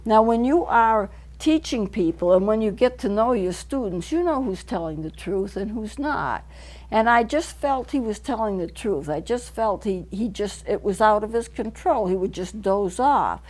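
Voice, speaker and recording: A middle-aged woman counselor talks from a local TV studio. She explains each idea earnestly, going back over it so the point lands. Her voice sits at an ordinary middle pitch. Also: lively intonation, normal speed, a little mellow. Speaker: counselor hosting a local TV show. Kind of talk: teaching talk to camera.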